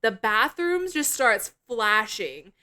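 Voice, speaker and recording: Bright, crisp-voiced woman co-host. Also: fairly high pitch, takes it slowly. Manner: blunt, profane, animated retelling. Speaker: podcast co-host. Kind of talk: casual film review chat.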